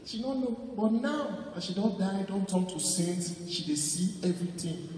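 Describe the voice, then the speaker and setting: A man's voice: high voice, expressive, moderate pace, a little mellow, a little hiss or hum. A man with a Nigerian accent doing a stand-up comedy routine, slipping into Pidgin and acting out mourners. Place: large venue on stage. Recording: echoey hall, distant mic.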